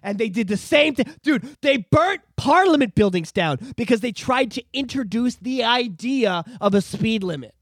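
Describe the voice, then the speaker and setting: A man's voice: very high-pitched, moderate pace, hardly any pauses, dry recording, studio quality. A young Canadian man co-hosting a casual podcast, ranting with lots of swearing and jokey put-on voices. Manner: animated, profane ranting with put-on French voices. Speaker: podcast co-host.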